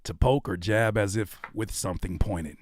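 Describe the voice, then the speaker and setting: A man in his thirties, a rapper and YouTuber, reacting to comments in an animated comedic rant, mocking and teasing with sudden loud outbursts. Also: on the low side, moderate pace.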